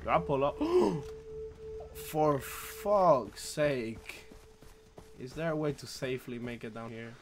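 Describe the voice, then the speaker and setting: A young man streaming a shooter game live, swearing and trash-talking through casual commentary with sudden loud outbursts. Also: medium pitch, a little slow, background noise. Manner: profane, loud, reacts with outbursts and trash talk. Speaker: gaming streamer.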